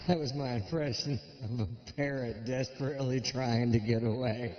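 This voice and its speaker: A male stand-up comedian telling stories in a slow, deadpan way. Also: mid-range voice, dull audio, background noise.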